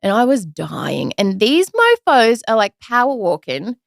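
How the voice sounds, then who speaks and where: A chatty woman in her thirties shares a personal story in a relaxed interview. Her voice has a gravelly, creaky texture. It sounds close and dry, with no room echo. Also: a little high, a little slow. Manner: chatty, animated retelling with quoted voices. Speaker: podcast guest, usual host.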